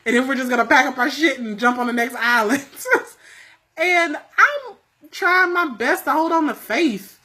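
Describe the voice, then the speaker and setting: A woman co-host chatting late at night with a friend, a little tipsy from drinks. Her voice sits high and sounds bright. She laughs a lot, swears freely and talks over the other speaker. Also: lively intonation. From United States. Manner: loud laughing, profane, quick to cut in. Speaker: podcast co-host. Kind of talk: casual late-night chat.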